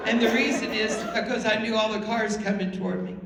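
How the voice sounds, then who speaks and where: A woman, a pastor's wife, telling a lively story to a live audience in an animated, laughing, exclamatory way. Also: on the high side, fairly quick, over a noisy crowd, heavy background noise. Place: large event hall. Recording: echoey hall with audience. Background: audience sounds.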